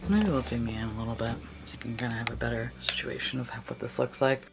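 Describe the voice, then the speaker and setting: A woman's voice: extremely low pitch, steady tone, quick pace, soft background music. A woman, chatting in a rambling, profane way while doing her makeup. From New York. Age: 30s. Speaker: beauty vlogger. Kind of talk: casual get-ready-with-me chat.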